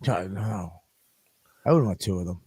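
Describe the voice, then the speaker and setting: A man's voice: deep voice, moderate pace, a little mellow, breathy edge, no echo, clean studio sound. A man co-hosting a podcast, telling crude stories in a rambling, profane way. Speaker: podcast co-host. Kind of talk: casual comedic chat.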